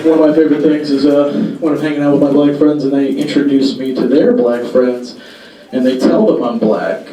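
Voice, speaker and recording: A young man performing stand-up comedy in a halting, deadpan way, with many pauses and fillers, on a club stage before a live audience. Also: mid-range voice, background noise. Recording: echoey room, far mic, crowd laughter.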